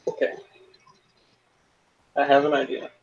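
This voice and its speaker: A man playing a tabletop role-playing game over a call, thinking out loud and swearing as he plans. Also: unhurried, highs cut off. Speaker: player. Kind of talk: casual tabletop game play.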